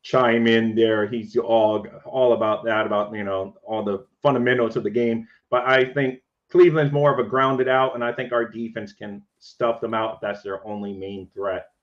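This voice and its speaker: A man's voice: on the low side, fairly even intonation, normal speed, few pauses, lo-fi sound. A man co-hosting a casual sports talk show in an easygoing, agreeable way, with many "you know" fillers. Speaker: podcast co-host.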